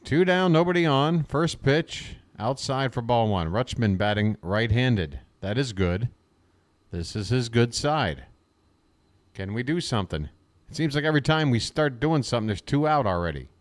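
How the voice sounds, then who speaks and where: A man doing live fan play-by-play of a baseball game, chatty and wisecracking, talking back to viewers in chat between pitches. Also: lively intonation, normal speed.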